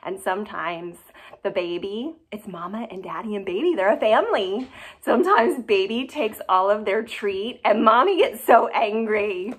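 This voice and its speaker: A woman preschool teacher at home, talking to young children in an animated, questioning way. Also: medium pitch, moderate pace, slightly rough. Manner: animated and questioning, exaggerated for kids. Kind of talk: addressing young children in a video. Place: her home, indoors.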